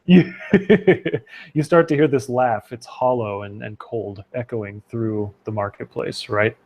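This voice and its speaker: A man's voice: medium pitch, measured pace, a little mellow. A man narrating a tabletop role-playing game as game master, loose and chatty, with fillers and laughs.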